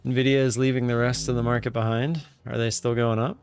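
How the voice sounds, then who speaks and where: A man hosting a live stream in casual chatter, who breaks into loud cheering now and then. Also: mid-range voice, little pitch movement, a little fast, few pauses, clean tone, soft background music.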